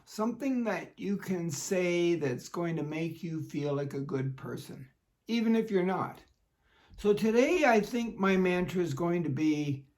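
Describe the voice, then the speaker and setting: A man working as a fitness instructor, calmly demonstrating an exercise routine with a touch of dry humor. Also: sits high.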